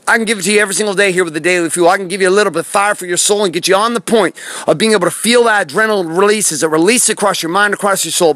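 A high-voiced man talks quickly in a punchy, preachy motivational monologue, swearing for emphasis. His tone is bright and forceful, and the sound is dry and close. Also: dry recording. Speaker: motivational podcast host. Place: outdoors in a forest. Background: birds and bees.

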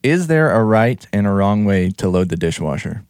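A man co-hosting a podcast who tosses out dry, wry quips in casual chat. His voice sits fairly low. Faint music runs underneath. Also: big pitch swings, normal speed, a little mellow. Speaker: podcast co-host.

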